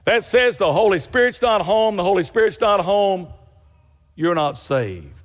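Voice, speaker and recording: A man's voice: sits high, very animated, a little slow, long reverb tail. A man preaching a sermon, telling folksy stories with rising emphatic bursts.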